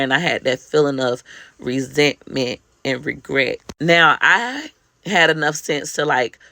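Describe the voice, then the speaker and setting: A woman's voice: sits low, sharp tone, no echo. A woman talking candidly to camera as a mother, emphatic, heartfelt and blunt. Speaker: mother sharing life advice. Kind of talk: candid personal monologue to camera.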